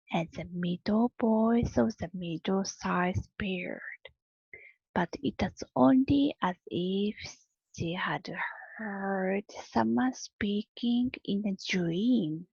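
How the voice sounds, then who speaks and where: A woman teacher reads a storybook aloud very slowly, pausing often. Her voice is husky and gravelly and sits a little high. The recording is dry and dull. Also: darkish tone, dry recording. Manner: slow, deliberate reading with drawn-out pauses. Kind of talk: reading a storybook aloud to children.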